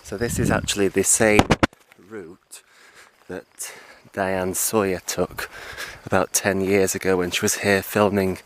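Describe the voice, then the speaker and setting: Male travel vlogger on a hillside, slow and excitable, with outdoor insect noise. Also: low voice. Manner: excited, exclaiming often. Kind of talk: walking vlog. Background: insects and crickets.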